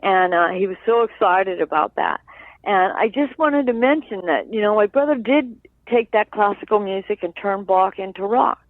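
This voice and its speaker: A woman guest being interviewed, speaking earnestly and haltingly with many fillers and tag questions like "right?". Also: mid-range voice, no echo. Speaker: guest, sister of a late musician. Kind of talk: candid interview over the phone. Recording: dry tinny phone line.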